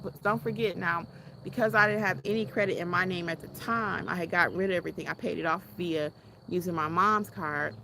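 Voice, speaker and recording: A woman's voice: medium pitch, fairly bright tone, a little hiss or hum, rough recording. A middle-aged woman, vlogging in a casual storytelling chat and acting out quotes as she talks straight to her viewers.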